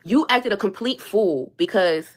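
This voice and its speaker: Reacting to super chats during a live stream, a young woman delivers a heated rant about her marriage, exasperated and emphatic and repeating herself. Her medium-pitched voice is expressive, and she keeps a measured pace.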